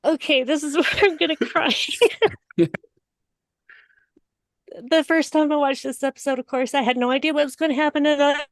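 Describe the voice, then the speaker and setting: A woman guest on a podcast, talking emotionally and laughing often, her voice climbing high when excited. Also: moderate pace, no room sound. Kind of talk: casual podcast discussion.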